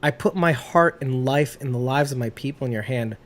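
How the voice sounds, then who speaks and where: A woman co-hosting a podcast in casual chat, animated and jokey, often breaking into laughter. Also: extremely low pitch, brisk. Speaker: podcast co-host.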